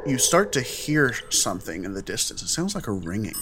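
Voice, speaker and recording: A man's voice: on the low side, big pitch swings, a little fast, a bit bright, slight background noise. Rambly man running a tabletop game. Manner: loose, rambling description with many fillers. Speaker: game master.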